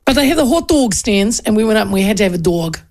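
A woman's voice: medium pitch, expressive, quick pace, a little mellow. A middle-aged woman hosting a talk show, chatting casually and telling rambling anecdotes with plenty of restarts and asides.

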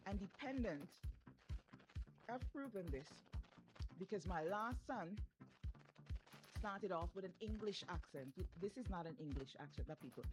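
A woman's voice: mid-range voice, expressive, moderate pace, rough recording. A woman, a parent speaking earnestly and emphatically in a casual discussion. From Saint Vincent. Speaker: parent discussing children's speech.

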